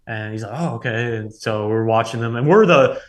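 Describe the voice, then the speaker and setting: A man in his thirties speaks casually at a mid-range pitch. He tells a story as a podcast guest, loose and rambling, with many filler words along the way. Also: fairly quick. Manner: relaxed, rambling, full of "like" and "you know". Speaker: interview guest, former hockey player.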